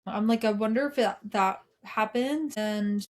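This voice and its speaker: A woman co-hosting a podcast, chatting casually with quick questions and short reactions. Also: medium pitch. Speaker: podcast co-host. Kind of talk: casual chat.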